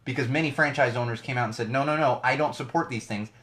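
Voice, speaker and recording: A man's voice: mid-range voice, fast talker, a bit bright. A middle-aged man hosting his own podcast from a home studio, giving ranty, digressive solo commentary with lots of emphasis. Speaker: podcast host.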